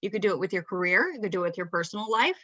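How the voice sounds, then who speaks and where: Bright-voiced Southern woman giving a talk. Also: medium pitch, animated, very fast, no echo, muffled recording. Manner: conversational, often adds "right?" to check in. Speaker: presenter. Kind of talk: presenting a talk.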